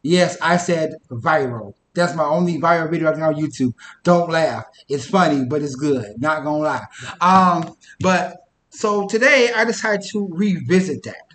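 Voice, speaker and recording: A man's voice: on the high side, moderate pace, fairly bright tone, reverberant. A man talking casually to the camera for his channel, rambling and interrupting himself. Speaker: YouTuber.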